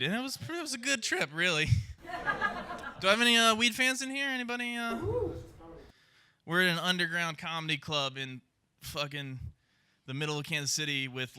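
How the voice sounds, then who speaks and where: Brash, profane young stand-up comic. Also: male voice, on the high side, sharp tone, clean tone, dry recording. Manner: brash, profane, punchy delivery with quick character voices. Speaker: stand-up comedian. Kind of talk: stand-up comedy set. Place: underground comedy club with live audience.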